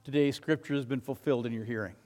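A man preaching a sermon as pastor, swelling to loud emphatic declarations and then dropping quiet. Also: medium pitch, fairly even intonation, fast talker, long reverb tail.

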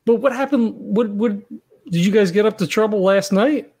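A man's voice: high-pitched, moderate pace, a little mellow. A man playing a tabletop game who talks bluntly and swears. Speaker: player.

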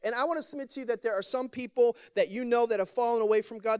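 A man's voice: extremely high pitch, smooth. A man preaching a sermon as a pastor in a church, talking in a conversational storytelling way, with lots of repetition and calls for the congregation to respond.

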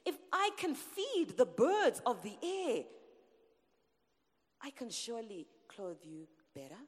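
A woman preaching a sermon to her church, lively and animated, calling out to the congregation. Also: fairly high pitch. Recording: reverberant church hall.

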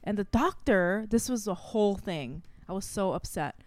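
A woman in her thirties tells a story as a podcast guest, her pitch jumping lively up and down as she goes. She swears freely and keeps the chat casual, and the recording is dry and close. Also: moderate pace, no echo.

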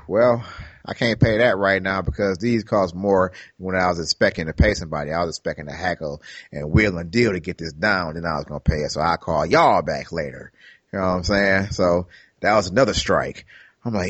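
A man's voice: low voice, moderate pace, a bit bright, breathy edge, no echo. A man co-hosting a casual podcast, telling a story with animation and acting out his own side of phone calls. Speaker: podcast co-host.

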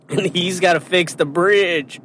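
A man's voice: high voice, a bit bright, slight background noise. A man co-hosting a podcast in casual chat, joking crudely and laughing often. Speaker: podcast co-host.

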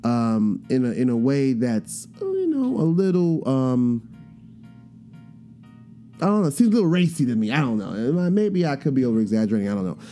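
Podcast host, male, relaxed warm tone, animated retelling over faint guitar music. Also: medium pitch, moderate pace. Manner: animated storytelling, acting out quoted voices. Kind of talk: casual monologue.

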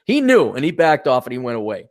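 A middle-aged man co-hosting a podcast, telling profane anecdotes in a blunt, animated way. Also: mid-range voice, quick pace. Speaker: podcast co-host. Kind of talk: casual chat, storytelling.

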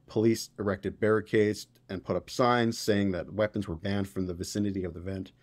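A man's voice: on the low side, steady tone, a little fast, darkish tone. A man hosting a political podcast, reading news stories aloud and reacting with exasperated, profane commentary. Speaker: podcast host.

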